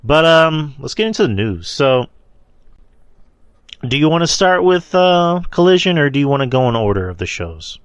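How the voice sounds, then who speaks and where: A man's voice: fairly high pitch, big pitch swings, normal speed, smooth, dry recording. A man hosting a podcast, casually recapping wrestling shows in a loose, rambling way, swearing and laughing at his own slips. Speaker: podcast host.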